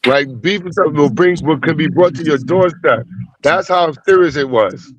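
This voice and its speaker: A man with a somewhat high voice talking earnestly in a casual podcast chat. He speaks in street slang and keeps checking in with his listeners, with a faint hiss behind him. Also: moderate pace. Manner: earnest street talk, frequent "you know what I'm saying".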